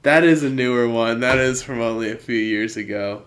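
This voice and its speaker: A man's voice: medium pitch, normal speed, a bit bright. A man hosting a podcast in casual chat, laid-back and amused. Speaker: podcast host.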